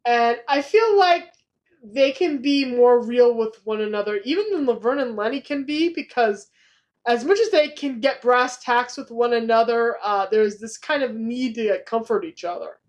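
A woman's voice: a little high, normal speed. A woman co-hosting a podcast, chatting casually and enthusiastically about a sitcom episode and laughing often. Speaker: podcast co-host.

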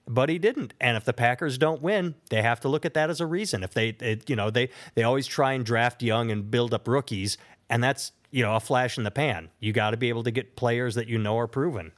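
A man's voice: medium pitch, brisk. Opinionated man ranting on a podcast. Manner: opinionated, ranting with mocking quotes. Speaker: podcast co-host. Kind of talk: casual chat.

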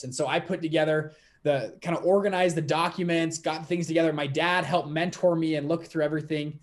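A young man in his twenties, a podcast guest telling his story in a lively, quick, laughing way. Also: fairly high pitch. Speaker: podcast guest, fund manager. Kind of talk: casual storytelling interview.

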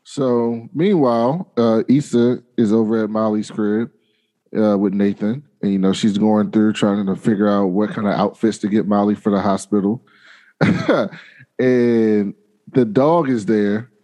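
A man's voice: lowish voice, fairly even intonation, unhurried, mellow. A man recapping a TV episode in casual chat, playfully acting out the characters' lines with slang.

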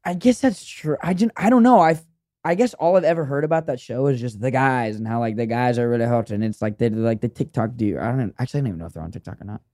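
A man's voice: medium pitch, fast talker, dark tone, no echo, studio quality. A young American man in his twenties co-hosting a podcast, talking in a rambling, self-correcting way and laughing often. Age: 20s. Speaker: podcast co-host. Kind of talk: casual chat.

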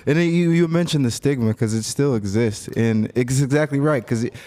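A man's voice: medium pitch, brisk, warm tone. A man hosting a podcast in casual chat, laid-back and slangy, laughing easily. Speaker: podcast host.

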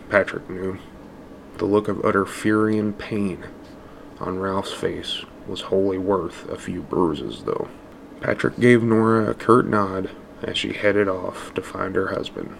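Male storyteller, low voice, gravelly fry, faint background ambience. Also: a little hiss or hum. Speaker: narrator. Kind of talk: audiobook narration of a dark story.

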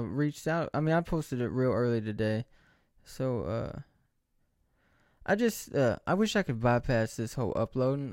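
A man's voice: medium pitch, darkish tone, no echo, studio quality. A man in his late twenties vlogging, rambling and joking about himself with many restarts. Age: 20s. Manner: joking, self-mocking, rambling with frequent restarts. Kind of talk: casual rambling monologue. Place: indoors under bright lights.

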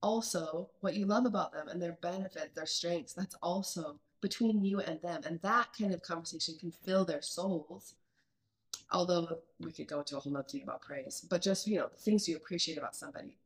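A woman's voice: fairly low pitch, fairly quick. Earnest woman in her thirties. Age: mid-30s. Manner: earnest, thinks aloud with many restarts. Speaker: podcast host. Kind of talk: casual parenting podcast chat.

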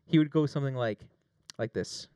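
In a dry, studio-quality recording, a man with a fairly high voice speaks at a moderate pace, playing a plaintiff in a casual mock trial. He tells a long, animated story full of jokes and swearing.

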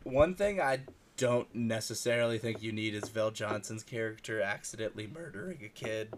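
A man chatting casually about a movie as a co-host, animated, swearing and acting out scenes. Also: on the low side, moderate pace, a little hiss or hum.

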